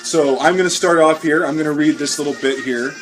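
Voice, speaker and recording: A man's voice: fairly high pitch, a little fast, fairly bright tone, soft background music. A man hosting a comedy sketch show, rambling and joking in a mock-pompous manner.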